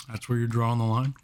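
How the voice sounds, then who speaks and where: A man co-hosting a podcast in casual chat, teasing his friend and laughing often. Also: very noisy. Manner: teasing, laughs a lot, lively pitch. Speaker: podcast co-host.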